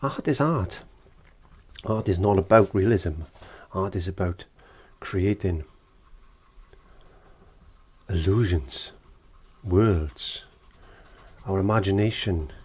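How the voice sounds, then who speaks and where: Guy teaching painting, deep husky voice, gentle and encouraging, drops to a whisper now and then. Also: takes it slowly, pauses often. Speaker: art teacher. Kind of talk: painting tutorial.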